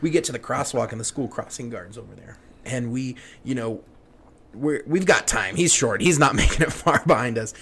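A man's voice: mid-range voice, moderate pace, creaky. Young man, casual podcast guest, rambling storyteller with a faint noise floor behind him. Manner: rambling, many fillers and restarts, hushed when retelling fear.

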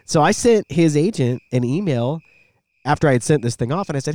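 A middle-aged man co-hosting a podcast, an animated storyteller who used to be a radio voice guy, chatting casually. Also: a little high, a little fast, no echo. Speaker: podcast co-host.

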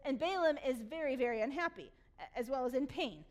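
A woman preaching from the pulpit with a high, bright-toned voice. She reads scripture and then retells the story in a lively, amused way, laughing at the funny parts. It is a warm, conversational sermon delivery. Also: brisk. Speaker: pastor.

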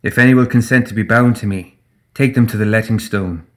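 A man's voice: fairly low pitch, brisk, natural voice. A man reading a stern ancient fae queen. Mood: regal.

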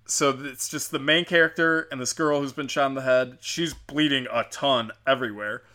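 Rambling, joking, and swearing, this man retells a show's plot as a podcast host in a casual recap. He speaks at a moderate pace in a mid-range voice with fairly even intonation and a bright, forceful tone.

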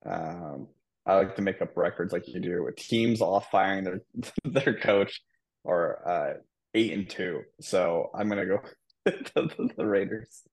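A man's voice: low voice, a little slow, a little mellow. A man on a casual sports betting podcast, blunt and crude, joking his way through his picks. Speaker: podcast panelist.

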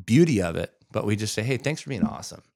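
A man co-hosting a casual chat, enthusiastic and quick to agree. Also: lowish voice, big pitch swings, a little mellow. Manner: enthusiastic, quick affirmations like "huge". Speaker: podcast co-host.

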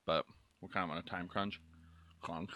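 A man's voice: sits low, fairly even intonation, normal speed, sharp tone, dry recording. A young man co-hosting a casual snack taste-test vlog, loose and profane, with mumbled asides. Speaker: vlog co-host.

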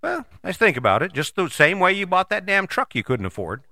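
A man's voice: sits high, very animated, fairly quick, sharp tone, dry recording, studio quality. A man in his sixties hosting a podcast, giving a blunt, folksy motivational monologue with casual swearing. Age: 60s. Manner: blunt, folksy, swears casually, jumps between voices for imagined people. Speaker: podcast host.

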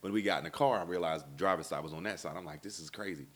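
Deep voiced guy doing a standup story, acts out everybody's lines. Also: rapid-fire. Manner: animated, acts out dialogue in voices. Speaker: stand-up comedian. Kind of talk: storytelling comedy set.

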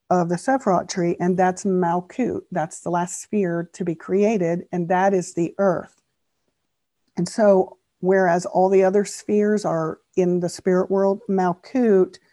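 A woman's voice: on the low side, no room sound. A woman author on a podcast as a guest, earnestly explaining old teachings term by term. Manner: earnest, steady explainer who spells out terms.

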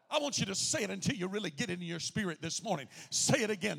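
A man preaching with a high, gravelly voice that has a husky edge. He leads his congregation in call-and-response and swings between hushed lines and shouted, sing-song declarations. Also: big pitch swings, quick pace, few pauses. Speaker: pastor. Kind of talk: sermon.

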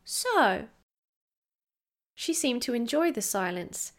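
A woman narrating a storybook in a slow, measured reading. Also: fairly high pitch.

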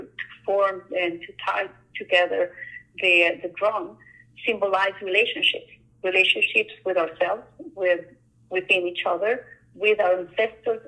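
A woman artist who works on murals, talking casually and telling stories in an animated way, often acting out the lines people said to her. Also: fairly low pitch, poor audio. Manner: animated storyteller, acts out quoted dialogue. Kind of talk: casual conversation.

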